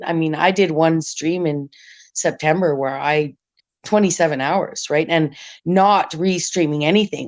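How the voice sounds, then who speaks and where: Rambling raspy-voiced woman, lowish pitch. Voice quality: raspy smoker's voice. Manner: rambling, talkative, many restarts. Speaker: stream host. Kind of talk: casual panel chat. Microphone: remote stream call.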